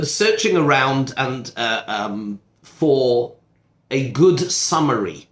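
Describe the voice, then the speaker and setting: Rabbi lecturing in an echoey classroom. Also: male voice, mid-range voice. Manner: conversational, self-interrupting, asides and rhetorical questions. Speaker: rabbi teaching a study group. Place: seminar classroom.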